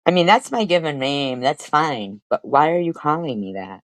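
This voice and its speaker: A woman's voice: low-pitched, very animated, moderate pace, no echo, rough recording. A middle-aged woman streamer, profane and mocking, talking back at a clip she is playing. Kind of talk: heated commentary over played clips.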